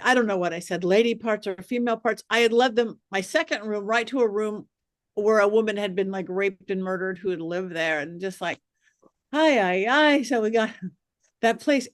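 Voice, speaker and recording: A woman's voice: medium pitch, dry recording, clean studio sound. A woman guest, a psychic medium, telling stories animatedly in a podcast interview and acting out the voices of the people in them. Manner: lively, acts out quoted voices.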